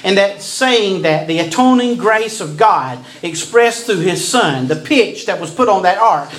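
High, lively preaching man. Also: rough recording. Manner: preaching with sudden loud outbursts and dramatic pauses. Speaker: pastor. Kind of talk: sermon.

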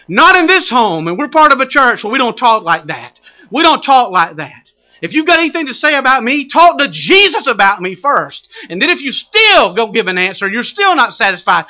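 A man's voice: very high voice, sing-song, moderate pace, pushed and bright. A male pastor preaching a sermon, impassioned and exhorting, repeating phrases for emphasis.

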